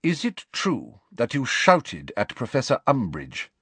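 A man's voice: mid-range voice, huge pitch swings, measured pace, fairly bright tone, breathy edge, no echo, voice pushed up, heavily acted. A man voicing a strict older woman professor who speaks in clipped, scolding questions. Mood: interrogating. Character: stern older female professor, strict and brisk.

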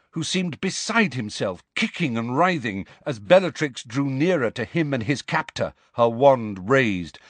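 A man narrating an audiobook in a measured, dramatic storytelling manner. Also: mid-range voice, very animated, a bit bright, no room sound.

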